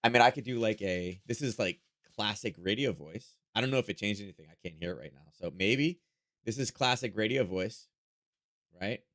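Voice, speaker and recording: A slightly hoarse man hosting a trading livestream from home, talking casually and thinking aloud into a close microphone. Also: fairly low pitch, expressive, a little fast, hardly any pauses, fairly bright tone. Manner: rambling, thinking aloud, chuckling asides. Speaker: trading stream host. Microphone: close-up desk microphone.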